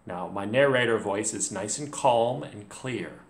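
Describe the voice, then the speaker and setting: A male teacher leading a reading lesson for children at home, talking in an energetic, playful and encouraging way. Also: on the low side, measured pace. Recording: echoey room.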